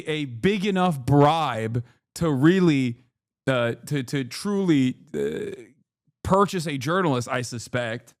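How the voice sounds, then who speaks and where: Brief: a sarcastic male streamer, voice a touch high, dry close sound, swearing and rambling. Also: animated, takes it slowly, dry recording. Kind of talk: casual commentary.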